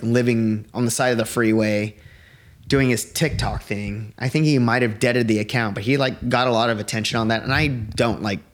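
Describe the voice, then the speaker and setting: Man, podcast guest, mid-pitched, rambling casual storyteller, lots of 'like'. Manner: rambling, heavy use of 'like'. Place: living room.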